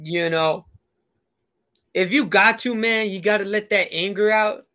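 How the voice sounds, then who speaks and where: A man's voice: high-pitched, a little slow, pushed and bright. A man telling a rambling story in a casual chat, heavy on fillers.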